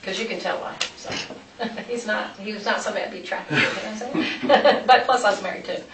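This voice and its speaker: A woman's voice: medium pitch, quick pace. A woman giving a rambling account in a police interview, recorded from a distance in an echoey interview room. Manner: rambling, many restarts and asides. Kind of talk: recounting events in a police interview. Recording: echoey room, distant mic, background noise.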